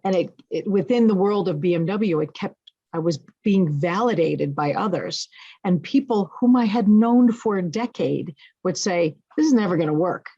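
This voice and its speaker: A woman being interviewed tells her story in a frank, expressive way and pokes fun at herself now and then. Her voice sits a little low, and the recording is dry, with no room around it. The sound is dull and lo-fi. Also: moderate pace, husky, dry recording. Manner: frank, expressive, self-deprecating humor. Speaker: interview guest. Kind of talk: candid personal storytelling.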